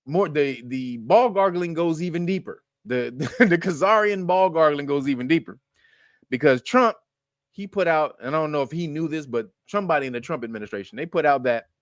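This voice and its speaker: Profane, laughing man with high, lively pitch. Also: dry recording, clean studio sound. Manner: profane, blunt, laughs often; rambling with frequent restarts. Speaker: commentary show host. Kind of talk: casual political commentary.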